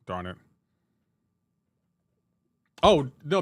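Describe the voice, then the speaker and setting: A young man live-streaming a mobile game, joking back and forth with his chat in a casual, animated way. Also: medium pitch, a little fast, no room sound.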